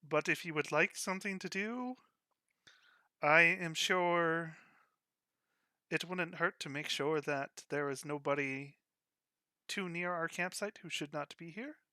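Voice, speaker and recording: A man's voice: a little high, bright, forceful tone, no room sound, clean studio sound, voice pushed up. A man playing a hesitant young woman caravan guard. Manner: hesitant, polite, full of pauses.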